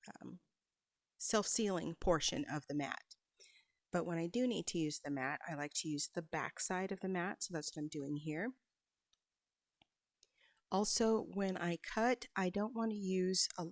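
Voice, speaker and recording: Craft tutor, woman, low-ish pitch, dry close sound, patient step-by-step instructions with casual asides. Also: no room sound, rough recording. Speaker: quilting instructor. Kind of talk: sewing tutorial voice-over.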